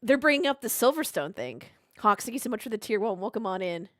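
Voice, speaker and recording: Animated high-voiced woman streamer. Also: quick pace, no room sound, studio quality. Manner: animated, swearing, exasperated, laughs a lot. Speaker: streamer watching a race. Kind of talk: casual live-stream reaction.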